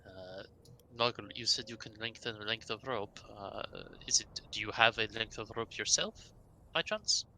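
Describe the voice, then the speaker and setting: A man playing a tabletop game, speaking in a measured, practical way. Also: lowish voice, steady tone, pushed and bright, low-quality recording. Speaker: player.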